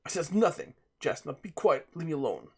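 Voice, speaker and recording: A man's voice: fairly high pitch, big pitch swings, fast, creaky, breathy edge, full character voice. A man doing Kyle, cocky brash young guy.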